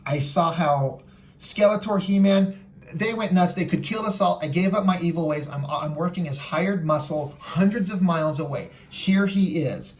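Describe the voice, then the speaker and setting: A man reading the lines of a gruff retired villain who now works as hired muscle, speaking bluntly and dismissively. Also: sits high, moderate pace, lightly acted. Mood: weary.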